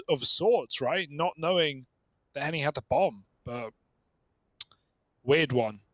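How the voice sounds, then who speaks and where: A man commentating an esports match play-by-play on a headset, quick and jokey between calls. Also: a little high, a bit bright.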